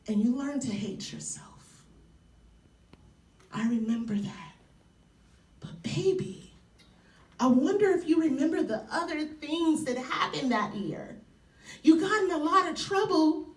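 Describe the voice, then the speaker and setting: A woman's voice: high voice, animated, measured pace, pauses often. A woman giving a live spoken-word performance to an audience in a university hall, tender and playful, often laughing. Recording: echoey hall, mic far off.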